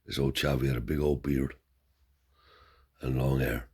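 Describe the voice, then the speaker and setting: A man's voice: a bass voice, little pitch movement, normal speed, a little mellow, breathy edge. A man telling a family story in a rambling, casual way, slipping in Romani cant words and tag questions. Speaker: storyteller and channel host.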